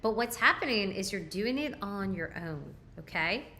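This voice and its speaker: A woman's voice: medium pitch, expressive, moderate pace, sharp tone, slight background noise. A woman hosting a live nutrition training, coaching emphatically with rhetorical questions and frequent check-ins. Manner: emphatic, asks rhetorical questions and tags lines with "okay?".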